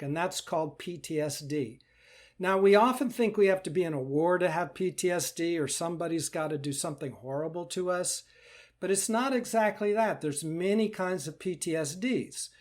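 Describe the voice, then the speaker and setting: Man, high pitch, meditation teacher, live Q&A, gentle, reassuring, repetitive phrasing. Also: moderate pace. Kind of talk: live Q&A talk.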